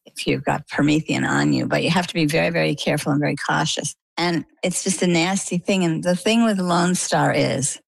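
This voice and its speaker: Older lady from maine, low gravelly voice, tells her story like she's reliving it, acts out the voices. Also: a little fast, hardly any pauses, dry recording, poor audio. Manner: lively storyteller, acts out quoted dialogue. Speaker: interview guest. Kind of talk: personal story in an interview.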